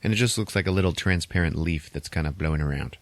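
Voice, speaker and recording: A man casually recapping a film's plot on a podcast, loose and wry, swearing and tossing in quick mock voices for the characters. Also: sits low, no room sound. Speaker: podcast host recapping a film. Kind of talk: casual chat.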